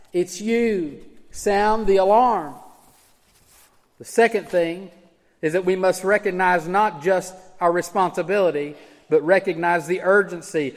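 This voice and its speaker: A man preaching a sermon as pastor, emphatic, swinging from loud urging to hushed low tones. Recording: church hall with long reverb.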